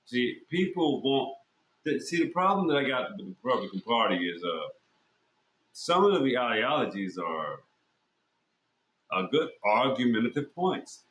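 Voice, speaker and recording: A man's voice: medium pitch, very animated, measured pace, long pauses, a bit bright, slight background noise. A man hosting a podcast, talking in a blunt, profane, rambling monologue full of fillers and restarts. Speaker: podcast host. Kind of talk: casual monologue. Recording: echoey room.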